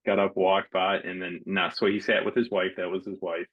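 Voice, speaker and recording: A man's voice: deep voice, a little fast, husky, muffled recording. A man hosting a casual interview, telling stories and acting out the voices of people in them. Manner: animated storyteller, acts out quotes. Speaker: podcast host.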